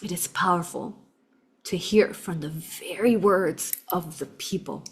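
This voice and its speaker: A woman's voice: fairly low pitch, a little slow. A woman vlogger telling a travel story to her viewers in a rambling, fervent way, often calling them "you all". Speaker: spiritual vlogger. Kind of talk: casual direct-to-camera storytelling.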